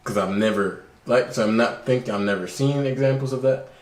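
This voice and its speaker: A man telling stories in a relaxed, calm way during a casual podcast chat. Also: medium pitch, normal speed, echoey room. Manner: calm, laid-back storytelling.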